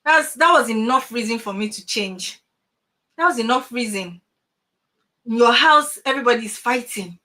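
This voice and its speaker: A middle-aged woman giving an animated motivational talk to parents over a video call, full of emphatic rhetorical questions. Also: a little high, normal speed. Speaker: transformational coach.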